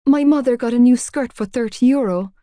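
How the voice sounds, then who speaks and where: A nervous schoolgirl with a high, breathless voice, tripping over her words, as a woman reading an audiobook puts her on. The sound is close and dry. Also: fairly quick, mellow, no room sound, close to an everyday voice. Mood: flustered. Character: shy flustered Irish teenage girl. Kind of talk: audiobook character voice.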